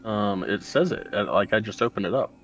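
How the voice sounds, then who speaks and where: Low-voiced man running a tabletop game. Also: brisk, fairly bright tone, faint music behind, poor audio. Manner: hesitant, with filler sounds. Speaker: game master.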